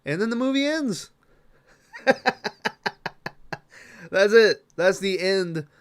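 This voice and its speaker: A man's voice: high-pitched, lively intonation, takes it slowly, clean tone. A man hosting a podcast, giving a rambling, casual movie recap full of fillers and restarts. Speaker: podcast host.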